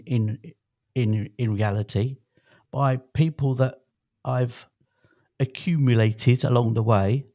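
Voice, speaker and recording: A man's voice: mid-range voice, steady tone, slow pace, long pauses, dark tone. A man in his fifties co-hosting a podcast, chatting casually in a rambling, jokey way that keeps interrupting itself. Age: 50s. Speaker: podcast co-host. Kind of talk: casual chat.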